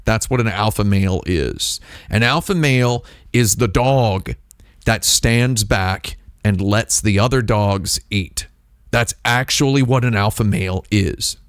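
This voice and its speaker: A man's voice: fairly low pitch, a little slow, no room sound, clean studio sound. A man hosting a stream, talking in a rambling, playful, jokey way with his mouth right on a dynamic microphone. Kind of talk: casual stream chat. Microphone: close dynamic microphone, mouth on foam.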